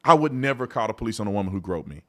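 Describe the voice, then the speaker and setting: A man hosting a live-streamed talk show in a casual, colloquial way, swinging from loud outbursts to low mutters and often repeating himself. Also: very animated, rapid-fire. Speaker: host.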